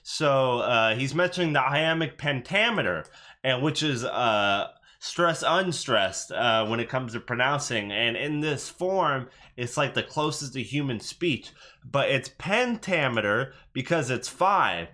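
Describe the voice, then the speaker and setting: A young man hosts a reaction video in loose, casual commentary. His voice is bright and forward, and he leans on fillers and restarts. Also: mid-range voice, expressive, unhurried.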